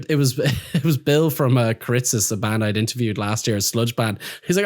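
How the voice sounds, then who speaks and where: A man's voice: medium pitch, fairly even intonation, fairly quick, hardly any pauses. An Irish man hosting a podcast interview, chatty, laughing often and swearing casually. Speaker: podcast host.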